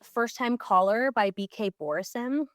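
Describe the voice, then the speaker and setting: A woman's voice: a little high, unhurried, fairly bright tone, no echo, clean studio sound. Earnest, enthusiastic woman shop owner. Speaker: bookstore owner, radio guest. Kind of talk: radio interview answers.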